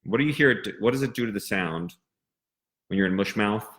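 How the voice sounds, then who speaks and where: Bright-voiced male voice teacher. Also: fairly low pitch, a little fast. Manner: explanatory, stresses crisp consonants. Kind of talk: singing lesson explanation.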